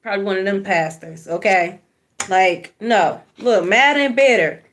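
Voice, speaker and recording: A woman's voice: mid-range voice, a little slow, fairly bright tone. A woman giving a spiritual card reading, blunt and profane, preaching and repeating phrases for emphasis. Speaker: tarot card reader.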